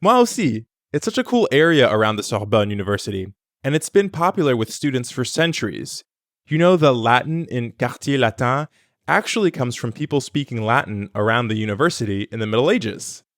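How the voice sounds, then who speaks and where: A man co-hosting a scripted language lesson, sounding out words carefully so learners can repeat them. His voice is dry and close, with no room around it, and sits at an ordinary middle pitch. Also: lively intonation, a little fast, no room sound. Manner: clear, careful modeling of pronunciation. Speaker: language teacher and co-host.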